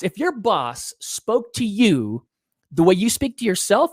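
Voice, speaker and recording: A man's voice: high voice, unhurried, dry recording, clean studio sound. A middle-aged man talking about his parenting experiences in an interview, acting out the people he quotes. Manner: animated storyteller, acts out quotes. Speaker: guest. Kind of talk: conversational interview.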